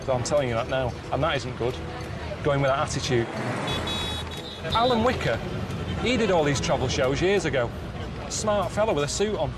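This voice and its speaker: An English man presenting a travel show, with a dry, grumbling, deadpan way of talking to camera, often from a busy street outdoors. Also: on the high side, moderate pace, long pauses. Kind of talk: casual to-camera travel commentary. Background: music.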